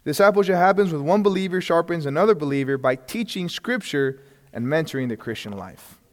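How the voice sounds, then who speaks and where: In a church class, a man with a fairly high voice teaches in a relaxed, conversational manner, animated and fairly quick. He repeatedly puts questions to the room and lets little chuckles escape between points. A long reverb trails his voice, as though he were recorded in a big hall.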